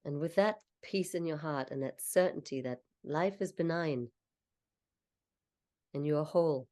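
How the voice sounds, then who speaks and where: A woman coach leading a slow, soothing guided visualization, talking the listener through each step. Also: sits low, mellow. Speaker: confidence coach.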